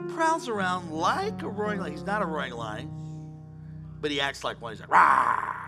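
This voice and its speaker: A middle-aged man preaching a sermon as pastor, animated, moving between quiet storytelling and shouting. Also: fairly high pitch. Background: music playing.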